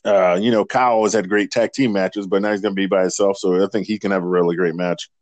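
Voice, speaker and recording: A man's voice: deep voice, fairly even intonation, quick pace, no room sound. A man co-hosting a casual wrestling podcast, crude and rambling, laughing often. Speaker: podcast co-host. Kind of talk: casual profane chat about wrestling.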